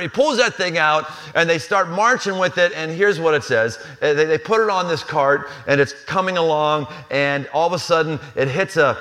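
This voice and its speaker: A man's voice: a little high, moderate pace, hardly any pauses, pushed and bright. A man preaching a live sermon in a casual, humorous way, often acting out the people in the story. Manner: conversational, humorous, acts out scenes. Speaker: pastor. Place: live church venue.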